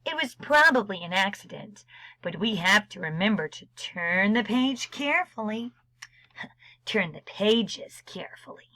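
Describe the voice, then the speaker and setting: A woman librarian reads a picture book aloud at a slow, careful pace, middle-pitched and expressive. She slips into gentle whispers for quiet moments. The sound is dry and close, with no room around it. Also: dry recording, poor audio. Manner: slow, expressive reading with soft whispered asides. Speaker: children's librarian. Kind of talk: storybook read-aloud.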